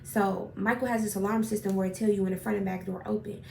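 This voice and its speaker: A young woman telling a personal story in a casual, animated, profane way, getting worked up as she retells it. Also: medium pitch, fast, creaky. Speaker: storyteller vlogger. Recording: roomy echo, far from mic, faint noise.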